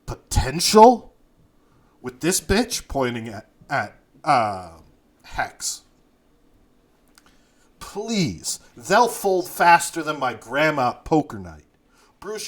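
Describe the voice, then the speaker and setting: A man voicing a smug, taunting cyborg bruiser in a tabletop game, pitched well above his own voice. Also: exaggerated voice. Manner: taunting, loud.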